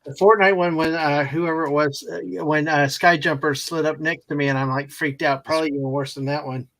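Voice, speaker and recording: A man's voice: fairly high pitch, fairly even intonation, brisk, fairly bright tone. A man guesting on a livestream chat, playful and teasing. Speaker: fellow streamer guest. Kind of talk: casual stream chat.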